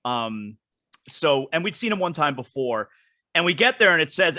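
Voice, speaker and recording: A man hosting a podcast in casual chat, talking in an enthusiastic, excitable way. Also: a little high, moderate pace, dry recording. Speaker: podcast host.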